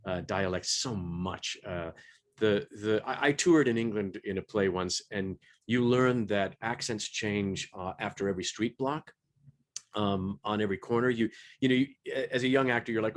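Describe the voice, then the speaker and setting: Middle-aged male panelist, low-pitched, animated, stumbles and restarts often. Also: normal speed. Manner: animated, frequent restarts and repeated words. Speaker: audiobook narrator. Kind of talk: panel discussion.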